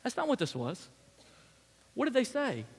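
A man preaching a sermon as pastor, telling stories in an animated way that swings from loud to hushed. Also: very high voice, normal speed, vocal fry, slightly rough. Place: church sanctuary. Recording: long reverb of a large hall.

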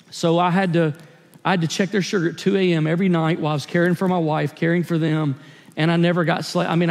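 High-voiced pastor in a reverberant church. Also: male voice, creaky. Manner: earnest, confessional storytelling. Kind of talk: sermon. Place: church sanctuary.

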